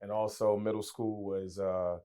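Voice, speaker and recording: Animated man telling stories. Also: lowish voice, measured pace, smooth. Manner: animated, slips into voices, restarts. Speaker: guest. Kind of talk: storytelling interview.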